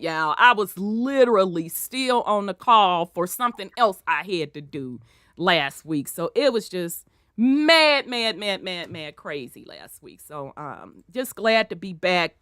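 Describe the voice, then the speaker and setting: Animated Southern woman with a bright voice. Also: medium pitch, dry recording, clean studio sound. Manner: loud, animated storytelling with profanity. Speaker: host. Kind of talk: casual chat.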